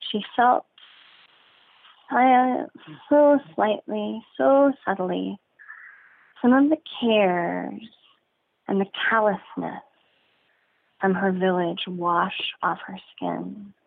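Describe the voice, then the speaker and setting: A woman tells a folk tale slowly and deliberately, lingering on each detail. Her voice is low with a gravelly edge. The sound is dry and squeezed into a narrow band, like a phone line. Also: steady tone. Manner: slow, deliberate, rich sensory detail. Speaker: storyteller. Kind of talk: told folk story, guided narration.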